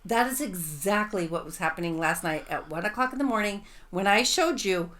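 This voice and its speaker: A woman co-hosting a casual podcast chat, excitable and rambling, swearing freely as she tells stories. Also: medium pitch, fairly quick. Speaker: podcast co-host.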